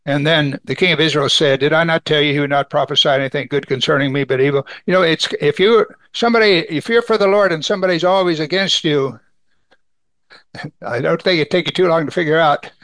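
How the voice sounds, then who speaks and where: Gravelly man preaching a Bible sermon. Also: on the high side, a little fast, fairly bright tone, no echo. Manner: reads scripture aloud and comments conversationally.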